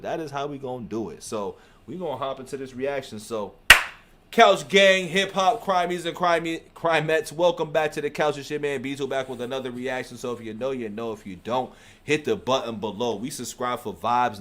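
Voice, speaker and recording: A man hosting a music reaction channel, talking in an animated, profane, emphatic way and repeating his phrases. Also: mid-range voice. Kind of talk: casual music reaction commentary.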